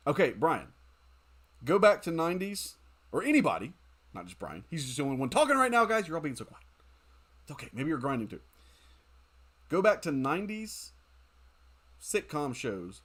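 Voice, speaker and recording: A man's voice: a little high, normal speed, pauses often. A man streaming a mobile game, chatting casually with his viewers and using lots of fillers like "dude" and "um". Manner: chatty and animated, talking to chat with fillers like "dude" and "um". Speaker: gaming streamer. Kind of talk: casual livestream chat while gaming.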